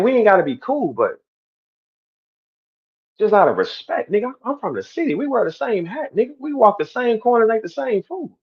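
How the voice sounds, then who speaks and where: A man speaking to his stream audience in a heated, animated monologue, repeating himself and swinging between loud outbursts and quiet asides. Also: high voice, breathy edge, muffled recording. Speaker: battle rapper on a stream.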